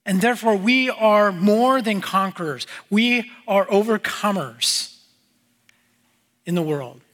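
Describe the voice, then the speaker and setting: A man preaching a sermon as pastor, earnest and repetitive, with his voice falling low at the ends of phrases. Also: slow, a bit bright, long reverb tail.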